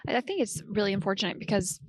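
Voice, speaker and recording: A woman's voice: mid-range voice, expressive, racing, dry recording, clean studio sound. A woman hosting a podcast, giving short, supportive replies in casual chat. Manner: supportive, brief agreeing replies. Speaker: podcast host.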